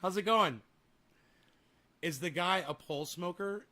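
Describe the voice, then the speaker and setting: A man's voice: sits high, unhurried, bright, forceful tone. Crude, taunting livestream host man. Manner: crude, taunting, trash-talking. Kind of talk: casual livestream chat, reading viewer comments.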